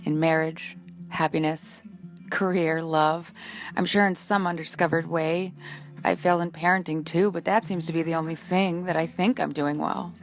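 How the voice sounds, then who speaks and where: A woman's voice: low-pitched, steady tone, normal speed. A woman performing spoken-word poetry in an intimate, heartfelt, reflective way. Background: faint music.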